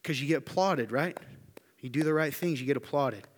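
A man preaching a sermon to his congregation, emphatic and often asking the room rhetorical questions. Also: fairly quick. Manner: emphatic, building to loud high-pitched intensity. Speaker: pastor. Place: church hall. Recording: long hall reverb.

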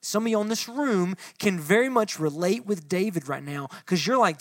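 A man's voice: lively intonation, moderate pace, hardly any pauses, dry recording. Young male pastor, conversational sermon, dry close sound, dynamic delivery. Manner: shifts from soft and low to loud and impassioned when reading the psalm; addresses the room directly, conversational asides. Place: church hall before a congregation.

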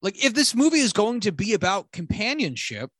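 A man's voice: high voice, fairly quick, no room sound. A man co-hosting a podcast, chatting casually about a film in a rambling, profane way. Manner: rambling, profane, animated retelling. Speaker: podcast co-host. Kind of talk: casual movie review chat.

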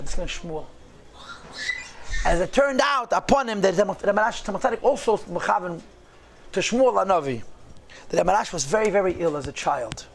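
Male storyteller, high gravelly voice, animated delivery mixing in Yiddish phrases. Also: a little hiss or hum. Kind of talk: storytelling talk.

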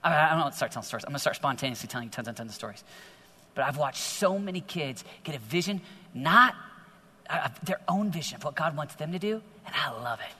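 A middle-aged man preaching to teenagers in a large hall, energetic and exhorting, often growing animated. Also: a little high, fast, husky. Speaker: youth speaker. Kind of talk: sermon to teenagers. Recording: long hall reverb.

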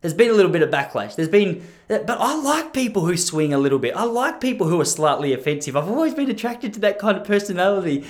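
A man in his thirties rambles casually to his listeners, with a slightly high, very lively voice that swings up and down. He mocks himself and laughs at his own jokes. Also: fast talker. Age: 30s. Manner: chatty, self-mocking, laughs at own jokes. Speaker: podcast host.

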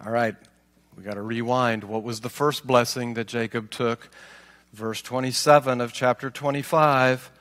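A man's voice: medium pitch, fairly even intonation, moderate pace, fairly bright tone. Man teaching scripture in an echoing hall. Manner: reads aloud, then asks rhetorical questions. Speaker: Bible teacher. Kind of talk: scripture reading with commentary.

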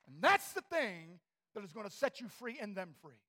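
High-voiced fervent male preacher. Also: big pitch swings, normal speed. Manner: fervent, swings from shouting to hushed. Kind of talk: sermon.

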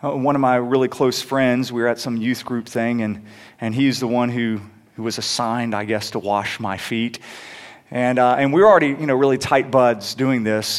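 A man's voice: mid-range voice, fairly even intonation, moderate pace. A young adult man preaching a sermon in a conversational way, stumbling on restarts and rising into emphatic peaks. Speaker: pastor.

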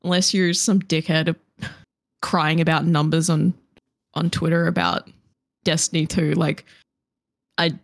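A woman co-hosting a podcast, telling an animated story with laughter and swearing. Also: low voice, measured pace, long pauses, no echo, studio quality. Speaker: podcast co-host. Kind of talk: casual chat.

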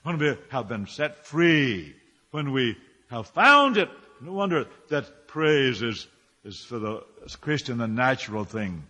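A man's voice: mid-range voice, big pitch swings, takes it slowly, bright, forceful tone, slightly rough, big-room sound. A male pastor preaching a sermon, firing rhetorical questions and building his phrases up with emphasis.

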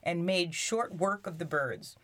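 A woman's voice: on the low side, unhurried. A woman reading a children's story aloud, breaking off for playful, joking asides. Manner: animated, joking asides between lines.

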